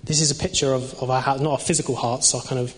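A man's voice: mid-range voice, fairly even intonation, fast talker, a little hiss or hum. A young man preaching an informal sermon in a conversational way, with many fillers and restarts. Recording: long reverb of a hall.

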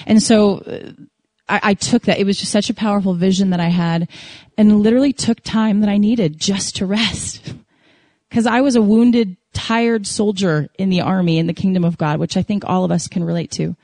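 A woman's voice: medium pitch, normal speed, no echo. Woman preaching her story, emotional, laughs a lot, dead dry sound. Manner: animated, emotional storytelling with laughs and acted prayers. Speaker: speaker sharing a testimony. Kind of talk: sermon testimony.

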